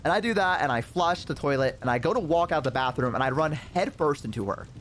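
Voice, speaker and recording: A male streamer with a slightly high voice tells a rambling personal anecdote. His pitch swings widely, and he drops in casual swearing and filler words as he goes. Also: quick pace, slight background noise. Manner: animated, profane, rambling with fillers. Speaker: VTuber streamer.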